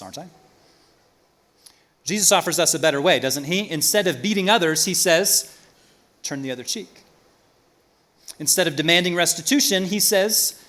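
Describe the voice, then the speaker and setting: A man preaching a sermon as pastor in a church, swinging from loud emphasis to quiet asides. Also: a little high.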